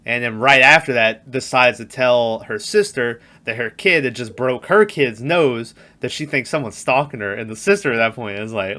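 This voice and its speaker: A man chatting on a movie podcast, his voice bright and forward. He retells scenes with energy and jumps into quoted lines. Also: mid-range voice, normal speed. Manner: animated, acts out quotes in raised voices. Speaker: podcast co-host. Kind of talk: casual movie chat.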